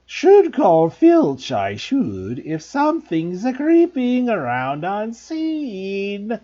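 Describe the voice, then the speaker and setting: A man voicing a mischievous male poltergeist who taunts and then fawns in a greasy, wheedling, drawn-out way. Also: sits high, huge pitch swings, warm tone, lo-fi sound, pitched above the performer's own voice, exaggerated voice. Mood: taunting.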